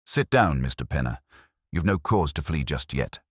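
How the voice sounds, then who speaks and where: A cool-headed detective , as a man reads him, who lays out his deductions in crisp, clipped phrases. The voice sits extremely deep yet moves lively through its pitch. It sounds dry and close, with no room around it. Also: moderate pace, no room sound, exaggerated voice. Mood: cool, commanding.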